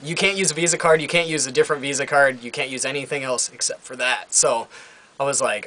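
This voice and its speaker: A man's voice: medium pitch, fast, bright, forceful tone. Rambling, ranting young man. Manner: rambling, with many fillers and swearing. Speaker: vlogger. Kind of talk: casual rant vlog.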